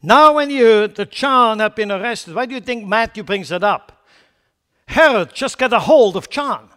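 Preacher guy w a high voice, emphatic, loud then quiet, blunt. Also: animated, moderate pace. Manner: emphatic, swings between loud declarations and quiet asides; blunt and scornful toward foolish ideas. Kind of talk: sermon.

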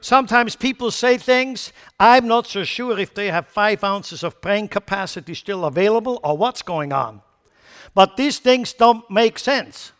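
A man preaching a sermon emphatically, swinging between loud declarations and quiet asides, blunt and scornful toward foolish ideas. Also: high-pitched, lively intonation, measured pace, smooth.

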